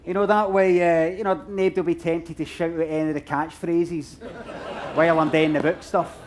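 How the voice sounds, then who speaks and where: Man, Glaswegian accent, comedian, chatty self-mocking banter, higher voice, noisy live festival stage. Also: level tone, normal speed, darkish tone. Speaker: comedian reading his stories. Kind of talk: live comedy book reading. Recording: live stage mic, audience and room noise.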